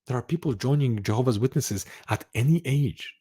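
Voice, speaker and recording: Emphatic man giving forceful advice. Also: mid-range voice, brisk, slightly rough. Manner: emphatic, insistent, repeats key phrases. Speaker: channel host giving advice. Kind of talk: motivational talk to camera.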